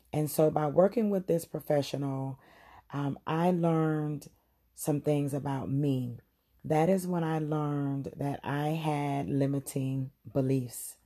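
A woman's voice: low-pitched, vocal fry, warm tone. A woman hosting a podcast and giving a heartfelt personal testimony, speaking straight to her listeners. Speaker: podcast host.

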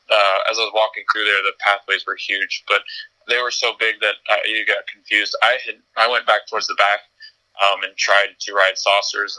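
A man's voice: lowish voice, sharp tone, poor audio. A man in a casual podcast chat, telling a story in a chatty way, laughing often and restarting his sentences.

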